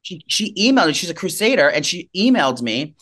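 A man co-hosting a gossipy chat, rattling through stories in an excitable, filler-heavy way. He talks at a rapid clip. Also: sits high. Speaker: podcast co-host.

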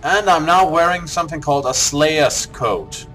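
A man's voice: on the high side, normal speed, fairly bright tone, soft background music. A man playing a co-op game with friends, chatting casually and reading quest text aloud. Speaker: co-op game player. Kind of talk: casual let's-play chat.

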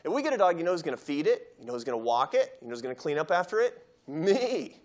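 A man's voice: a little high, very animated, fast talker, pitched above the performer's own voice. A man voicing a stern, exasperated father in a story, firing off indignant rhetorical questions.

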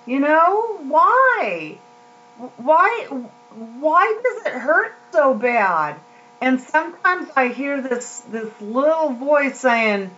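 A woman's voice: sits high, fairly bright tone, dull audio. A woman giving a casual, heartfelt devotional talk to her viewers, rambling with many fillers and restarts. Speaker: Christian vlogger.

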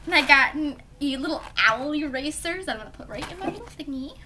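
Casual: excited new mom doing an unboxing, high bouncy voice, lots of gasps, noisy room behind. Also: female voice, fast talker. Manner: gushing, gasping, chatting to her small daughter. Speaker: beauty vlogger, mother. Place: home room.

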